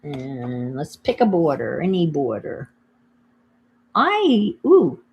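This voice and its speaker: A woman's voice: low voice, huge pitch swings, takes it slowly, muffled recording, slight background noise. An older woman with a New York accent, chatting casually to viewers on her crafting livestream while she works. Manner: chatty, thinks aloud while working, greets viewers.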